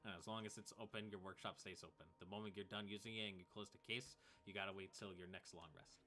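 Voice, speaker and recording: A man's voice: on the low side, steady tone, fast talker, pushed and bright. A man acting as game master, casually explaining rules with fillers. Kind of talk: narrating a tabletop game.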